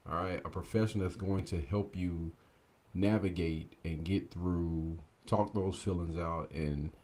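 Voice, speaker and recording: A man co-hosting a podcast, giving relaxed, conversational commentary with plenty of fillers. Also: low-pitched. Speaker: podcast co-host. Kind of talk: casual commentary.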